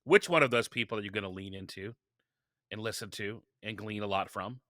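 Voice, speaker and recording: Forceful, bright-voiced man telling stories. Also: fairly low pitch, brisk, no room sound, studio quality. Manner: energetic storytelling with frequent restarts. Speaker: podcast guest. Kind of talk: casual interview talk.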